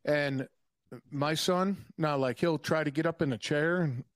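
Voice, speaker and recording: Young guy swearing thru his stories, bit high-pitched, dry close sound. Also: a little slow, no room sound. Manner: profane, animated storyteller. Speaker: podcast guest. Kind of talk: casual podcast chat.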